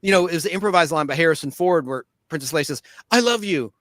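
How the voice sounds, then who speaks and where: Bright, animated storytelling man. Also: quick pace, dry recording. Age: 40s. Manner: animated storyteller, acts out quotes in squeaky voices. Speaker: podcast host. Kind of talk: casual storytelling chat.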